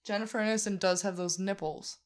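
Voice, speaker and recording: A woman hosting a podcast with a mid-pitched, even voice. She tosses off dry, joking asides in a casual chat with friends. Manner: wry, joking, quick asides. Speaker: podcast host.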